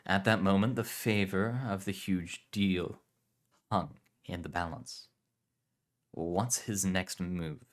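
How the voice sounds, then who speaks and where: A man calmly narrating a story for a relaxed listen. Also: low voice, takes it slowly.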